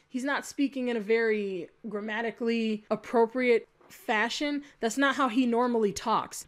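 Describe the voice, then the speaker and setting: A woman answering a critic in a commentary video, reading his comments aloud and picking them apart in a blunt, sarcastic way, with frequent swearing. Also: fairly high pitch. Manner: exasperated, argumentative.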